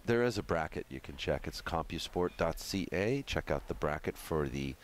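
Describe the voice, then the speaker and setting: A man doing live commentary on a pool match in a pool hall, chatty and excitable. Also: extremely low pitch, normal speed, a little hiss or hum.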